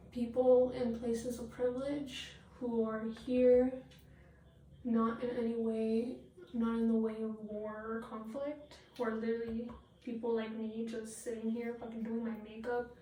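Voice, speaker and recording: A high-pitched woman speaks slowly and bluntly, swearing freely as she rants while doing her makeup. She often trails off into fillers. Her voice sounds distant and echoes around the room, with a faint hiss behind it. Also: flat delivery, warm tone. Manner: blunt, profane, ranting. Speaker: vlogger. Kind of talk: get-ready-with-me rant.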